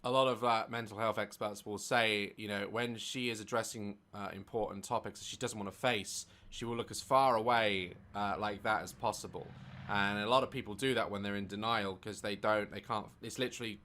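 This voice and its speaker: A woman's voice: rumbling low, fairly even intonation, brisk, a bit bright, a little hiss or hum. A woman hosting a comedic reaction video, sarcastic and incredulous.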